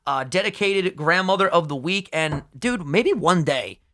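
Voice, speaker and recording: A young man co-hosting a podcast in casual chat, excitable and swearing often, breaking into high laughs. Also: unhurried. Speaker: podcast co-host.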